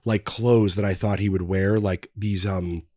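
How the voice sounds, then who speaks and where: A man with a low-pitched voice recounts a long story on a podcast, loose and rambling, with lots of "um" and "like". The sound is close and dry, with no room around it. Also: steady tone, a little slow, mellow, no echo. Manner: rambling anecdotes with many fillers. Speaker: guest. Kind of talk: casual storytelling chat. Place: podcast studio.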